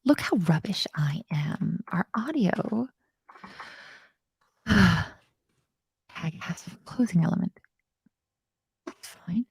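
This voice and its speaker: A woman's voice: lowish voice, expressive, very slow, creaky, long pauses, breathy edge, no echo. Bubbly woman teaching code. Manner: bubbly, self-mocking, with murmured asides. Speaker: coding instructor. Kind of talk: live coding lesson.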